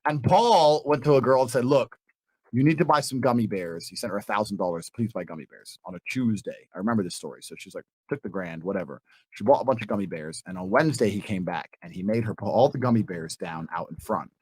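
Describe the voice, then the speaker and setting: A man telling a crude comic anecdote, animated, swinging between low, quick asides and loud bursts. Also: breathy edge, dry recording. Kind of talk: comic storytelling.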